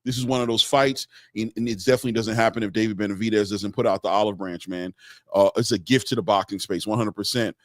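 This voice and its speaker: A man hosting a casual boxing live stream, reading out viewer comments and giving shout-outs in a loose, chatty way. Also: lowish voice, fairly even intonation, quick pace, no echo, clean studio sound. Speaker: boxing show host.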